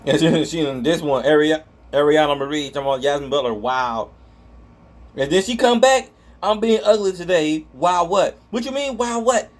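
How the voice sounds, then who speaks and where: A man's voice: a little high, expressive, normal speed. A man vlogging about online comments, ranting angrily and profanely and stumbling over his words.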